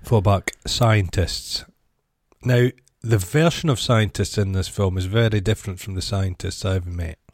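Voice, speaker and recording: A man's voice: sits low, measured pace, darkish tone, no room sound, clean studio sound. A middle-aged Scottish man co-hosting a podcast, in sweary, jokey casual chat. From Scotland. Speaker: podcast co-host.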